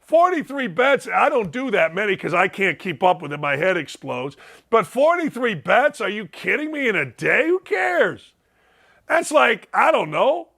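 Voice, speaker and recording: A middle-aged man hosting a sports talk show, loud and fired up, ranting with bursts of shouting. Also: sits high, sing-song, normal speed, gravelly.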